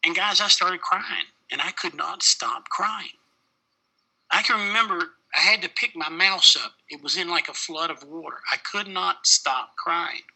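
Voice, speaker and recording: A man's voice: sits high, unhurried, gravelly, bright, forceful tone, breathy edge, poor audio. A middle-aged man, a paramedic, telling a personal story in an interview, plain-spoken with many fillers.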